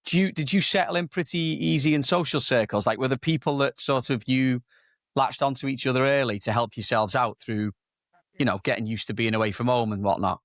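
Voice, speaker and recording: A man's voice: medium pitch, brisk, no room sound, studio quality. A man from England hosting a podcast, asking curious questions in casual chat. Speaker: podcast host.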